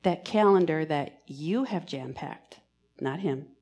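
A woman giving a sermon in church, earnest and pastoral, moving between emphatic lines and hushed, almost whispered ones. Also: sits low, animated, takes it slowly, breathy edge. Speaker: preacher.

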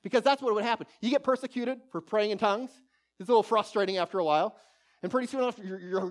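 A man with a high-pitched voice delivers an exhorting sermon. He preaches with animated emphasis and repeats his key phrases to drive them home. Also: rapid-fire. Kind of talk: sermon teaching.

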